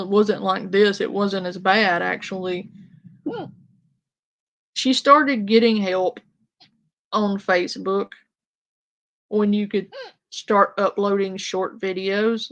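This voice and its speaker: A woman's voice: mid-range voice, fairly bright tone. A woman talking bluntly to her live chat, casual and confrontational, with frequent fillers. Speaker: commentary streamer. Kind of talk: casual live-stream commentary.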